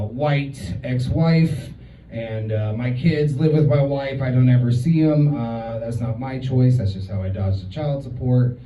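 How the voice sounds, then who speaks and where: A man in his thirties telling a story as a stand-up comedian, profane and chatty with many filler words. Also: mid-range voice. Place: comedy club stage. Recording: roomy, distant, muffled club recording.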